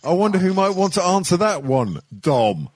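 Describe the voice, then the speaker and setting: A man's voice: high-pitched, normal speed, no room sound. Crude joking man, dry close sound. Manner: teasing, crude, deadpan jokes. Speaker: host. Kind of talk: crude comic banter.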